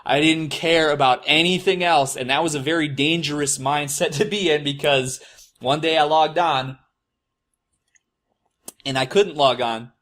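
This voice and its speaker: Young guy ranting, tons of swearing, kinda high voice, sharp and punchy. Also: steady tone, measured pace. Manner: rambling, swears constantly, mocks his past self. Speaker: host. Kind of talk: profane confessional monologue.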